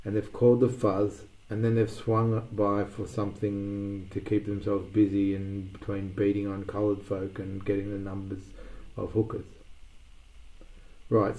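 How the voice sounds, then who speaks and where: A man's voice: on the low side, dark tone, lightly acted, low-quality recording. A man voicing a wry, blunt adult male detective in a storybook reading, thinking aloud in an offhand way.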